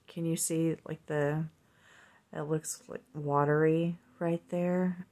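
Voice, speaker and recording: A woman chatting softly as she unboxes a purchase, cooing and slipping into gentle whispers. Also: low-pitched. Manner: slow, soft-spoken, drifting into gentle whispers and coos. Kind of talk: casual unboxing chat.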